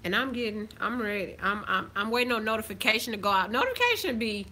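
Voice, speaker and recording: A woman chats casually on a phone livestream. Her voice is bright and a little high. She greets viewers by name and stretches her exclamations out playfully. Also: expressive, quick pace, slight background noise. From Southern United States. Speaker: livestream host.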